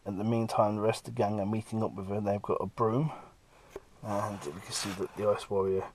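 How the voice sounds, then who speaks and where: A man with a fairly low voice talks casually through the comic pages he has drawn. He rambles from panel to panel and slips into bits of the characters' dialogue as he goes. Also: level tone, a little fast, a little mellow, a little hiss or hum. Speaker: comic artist.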